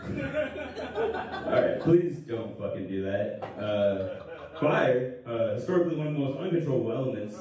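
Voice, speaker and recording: Young man doing crude stand-up. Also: a little high. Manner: crude, rambling, deadpan asides. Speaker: stand-up comedian, contestant. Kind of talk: stand-up comedy. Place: comedy club stage. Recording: echoey room, distant mic, noisy.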